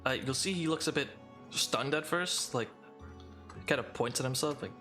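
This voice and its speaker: A man's voice: medium pitch, lively intonation, normal speed, pauses often, pushed and bright. Man, game master, rambling narration, hesitant, faint music behind. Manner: rambling, many fillers and restarts.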